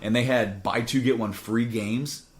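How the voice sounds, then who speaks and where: A man's voice: medium pitch, fairly even intonation, a little slow. A man hosting a gaming podcast in a studio, talking in a loose, rambling way. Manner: rambling, drinking beer while talking. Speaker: podcast host. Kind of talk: casual chat.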